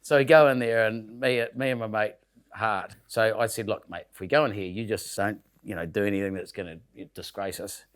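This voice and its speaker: A man's voice: lowish voice, steady tone, brisk, clean tone. Rambling New Zealand man telling a story. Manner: rambling anecdotal storyteller, swears casually, laughs through his story. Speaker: show regular telling a story. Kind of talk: casual podcast chat.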